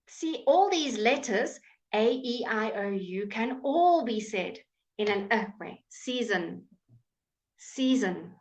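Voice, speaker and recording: A woman teaching English pronunciation in a live online class, patiently repeating each word for her students to copy. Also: medium pitch. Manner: slow, patient, repeats words for drilling. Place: home. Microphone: computer mic on a live stream.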